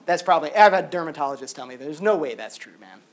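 A male university philosophy lecturer with a fairly high voice speaks quickly to his class. His delivery is relaxed, animated, and loaded with "like" fillers.

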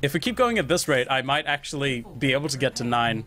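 A man's voice: medium pitch, animated, fast, pushed and bright. A man hosting a gaming video, chatting casually and teasing his sibling as they play, laughing often. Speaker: gaming channel host. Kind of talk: casual gameplay chat with sibling.

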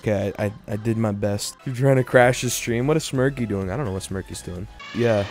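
A man's voice: mid-range voice, fairly quick, hardly any pauses, a little mellow, faint music behind. Goofy rambling young streamer guy. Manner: goofy, rambling jokes with lots of fillers. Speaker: game streamer. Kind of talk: casual live-stream commentary.

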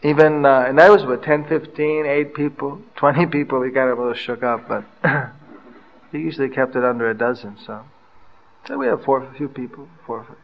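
An older man giving a scripture class, telling stories from his travels and pausing often with fillers. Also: medium pitch, gravelly, muffled recording, slight background noise. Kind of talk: anecdotal scripture lecture.

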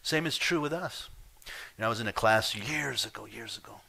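A man preaching a sermon as pastor, emphatic, swinging from hushed asides to loud, pressing points while chatting to the congregation. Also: medium pitch, fairly quick, vocal fry.

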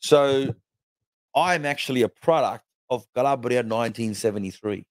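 An Australian man in his forties, a comedian chatting as a podcast guest and telling stories in an animated way, often restarting with "you know". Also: mid-range voice, normal speed, no echo, clean studio sound. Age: 40s. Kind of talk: casual podcast chat.

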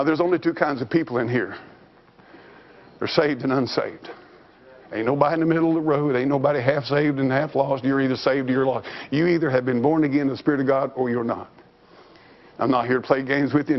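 A man pastor preaching an impassioned sermon to a congregation, shouting at high points and slowing down hard for emphasis. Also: dull audio. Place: church before a congregation.

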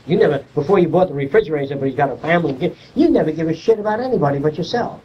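A man's voice: a little high, racing, hardly any pauses, slightly rough. Blunt older man lecturing on old tape. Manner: blunt, salty, animated storytelling. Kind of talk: informal lecture. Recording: distant, muffled 1970s archive tape.

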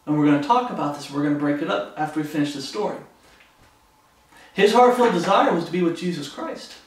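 A man preaching a sermon, fervent and animated, acting out the voices of the people in his story. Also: high voice. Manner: fervent, acts out quoted voices. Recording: echoey room from far off.

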